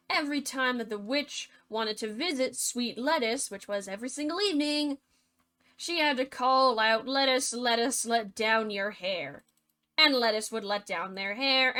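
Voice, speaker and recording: A woman's voice: fairly high pitch, pushed and bright. A young woman retelling a fairy tale as a comedy, chatty and full of sarcastic asides. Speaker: storyteller.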